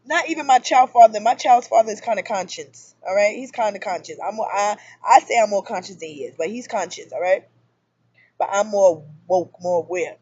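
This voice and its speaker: A woman in her thirties talking casually to camera about her relationship, in an animated storytelling manner that jumps up loud for emphasis. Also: mid-range voice, brisk, breathy edge, dry recording, muffled recording. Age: 30s. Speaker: spiritual vlogger. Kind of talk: casual personal monologue.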